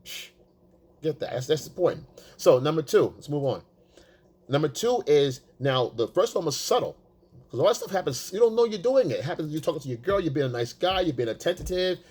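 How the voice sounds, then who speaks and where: A man giving casual, profane dating advice, emphatic and blunt, acting out quotes in a high voice. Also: expressive, brisk, darkish tone, slightly rough. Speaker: dating coach. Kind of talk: casual coaching monologue.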